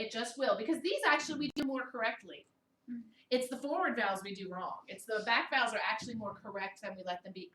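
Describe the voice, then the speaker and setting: A woman in her thirties from Baltimore with a mid-Atlantic American accent, teaching a vocal technique workshop in an animated way and singing vowel sounds aloud to demonstrate them. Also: fairly high pitch. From Baltimore, USA. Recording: echoey room, distant mic, faint hiss.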